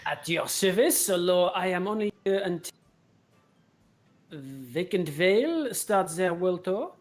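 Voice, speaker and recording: A pompous young male barista with lofty ambitions, played by a woman in a game read-through. He speaks with grand, formal politeness in a lowish voice. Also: expressive, slow pace, faint music behind. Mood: proud.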